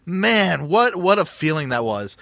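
A man's voice: a little high, measured pace, vocal fry, no echo, studio quality. Chatty man telling a story with fillers. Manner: excitable storyteller, many fillers and restarts. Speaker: podcast co-host. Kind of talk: casual chat.

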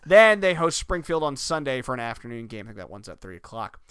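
Lively bright-voiced podcast co-host man. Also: mid-range voice, fast talker, smooth, dry recording, clean studio sound. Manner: reads rundowns, joking and expressive. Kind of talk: casual sports podcast chat.

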